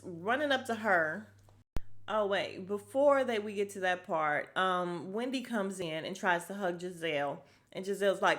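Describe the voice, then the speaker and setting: A woman hosting a casual podcast, recapping a reality show episode in a blunt, sassy way and swearing freely. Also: mid-range voice. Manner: animated, acts out the cast's lines. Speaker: podcast host.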